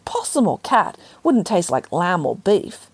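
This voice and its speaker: A woman's voice: on the low side, sing-song, unhurried, husky, full character voice. A woman voicing an eager, squeamish young boy who keeps asking questions about the story.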